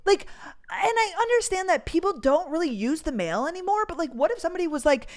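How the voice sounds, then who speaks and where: A woman's voice: extremely high pitch, very animated, quick pace. A young woman telling a frustrating story in a casual, exasperated rant, swearing freely and saying "like" a lot. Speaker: podcast host. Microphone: voice memo recording.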